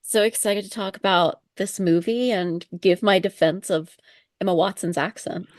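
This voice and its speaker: A woman's voice: mid-range voice, normal speed, dry recording. Upbeat woman guest on a podcast, laughs easy, dry recording. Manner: cheerful, laughs easily. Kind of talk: casual podcast chat.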